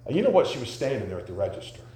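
A man preaching a sermon, telling folksy stories and rising to loud, emphatic questions. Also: mid-range voice, very animated, very fast. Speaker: pastor. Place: church sanctuary. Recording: echoey church sanctuary.

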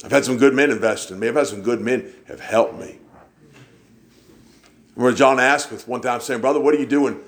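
A man's voice: medium pitch, fairly even intonation, a little fast, long pauses. A man, preaching in a church and telling folksy stories, acting out the people he quotes. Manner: folksy storyteller, acts out quoted voices. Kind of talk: sermon storytelling.

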